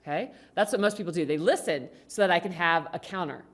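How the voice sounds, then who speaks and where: A woman's voice: on the low side, fast. A woman giving a conversational talk to a congregation, asking the audience questions. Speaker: speaker at a congregation. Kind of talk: talk on communication.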